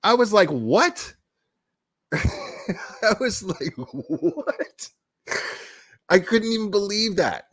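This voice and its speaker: Hot-headed male vlogger, casual profane rant, slightly high pitch. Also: a little slow, pauses often, fairly bright tone. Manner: blunt, heated and profane, with laughing asides. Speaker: crime commentary YouTuber.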